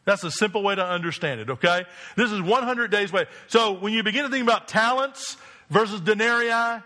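High, bright-voiced preaching man. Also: animated, brisk. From New Jersey. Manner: emphatic, with rhetorical questions to the congregation. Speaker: pastor. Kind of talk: sermon.

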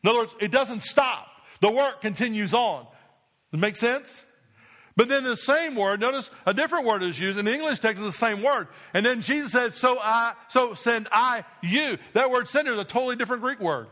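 A man preaching a sermon as pastor, repeating phrases with rising emphasis and dropping his voice low to drive points home. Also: expressive, a little fast, a bit bright.

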